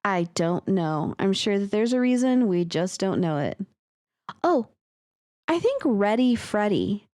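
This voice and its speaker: Excitable, swearing woman podcast host. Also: medium pitch, measured pace. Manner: excitable, swears casually, reads aloud. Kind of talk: casual chat.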